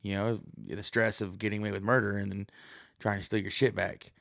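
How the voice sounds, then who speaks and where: A man's voice: little pitch movement, brisk, creaky, a bit bright, no echo, studio quality. A man in his thirties, a podcast host, in a rambling, profane, jokey monologue. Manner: profane, jokey, puts on high voices to act out stories.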